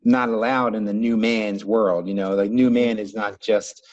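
A man's voice: on the low side, fairly even intonation, moderate pace, a little mellow, no room sound, lo-fi sound. An American man talking through his views in a loose, reflective way, with many restarts and fillers. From United States. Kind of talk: casual conversation.

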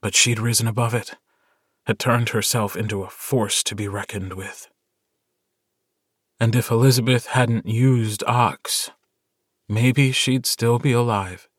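A man narrating a short story audiobook in a measured, intimate storytelling manner. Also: mid-range voice, fairly even intonation, no room sound, clean studio sound. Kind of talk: scripted narration.

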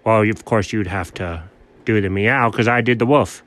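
A man's voice: fairly bright tone, close to an everyday voice. A man voicing a dreamy, self-important dog who calls himself an admiral in a comedy sketch. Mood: pompous. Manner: low, slow, grandly self-important. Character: dreamy, pompous male dog posing as a sea admiral. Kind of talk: comedic two-character sketch.

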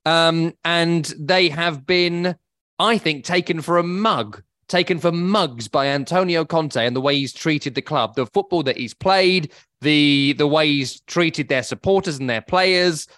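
Blunt man, higher voice. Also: unhurried, a bit bright, no echo, clean studio sound. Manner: blunt, opinionated and wry. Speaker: podcast co-host. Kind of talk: casual football podcast chat.

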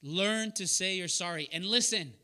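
A man's voice: high-pitched, normal speed, pushed and bright. A man preaching a sermon to a young adults group, earnest and direct, telling personal stories and calling on listeners by name. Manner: calls on listeners by name and asks them questions. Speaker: preacher leading a young adults Bible study.

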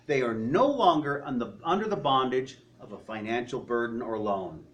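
A man's voice: animated, moderate pace. Man preaching a storytelling sermon. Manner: storytelling, asks the listeners rhetorical questions; drops to a quiet, low voice for solemn moments.

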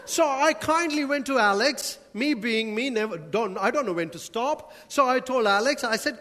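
High-voiced preacher man. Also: lively intonation, normal speed, hardly any pauses, sharp tone. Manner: preaching with rhetorical questions and humorous asides to the congregation. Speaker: pastor. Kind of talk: sermon. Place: church hall. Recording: long hall reverb.

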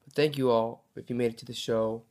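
A man's voice: medium pitch, steady tone, a little fast, a little mellow. A young man hosting a podcast in an upbeat, chatty way. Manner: upbeat, chatty, lots of fillers. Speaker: podcast host. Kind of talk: casual podcast chat.

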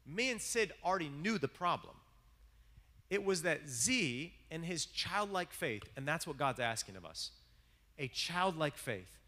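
A man's voice: fairly high pitch, sharp tone, big-room sound. A man preaching a casual sermon, telling a family story in a rambling, self-mocking way with many restarts. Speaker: pastor. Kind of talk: conversational sermon.

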